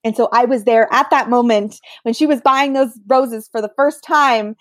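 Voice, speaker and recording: A woman's voice: on the high side, moderate pace, no room sound, studio quality. A woman who works as a medium, telling stories in a casual interview and acting out the voices she quotes. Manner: animated, acts out quoted voices. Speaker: medium, guest.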